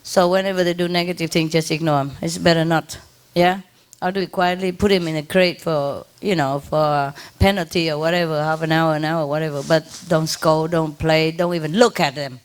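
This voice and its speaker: A woman's voice: sits low, fairly even intonation, brisk, clean tone. A woman speaking informally to a gathering as a spiritual teacher, laughing often, with simple, loosely built sentences. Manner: laughs often, simple non-native English phrasing. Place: ashram gathering.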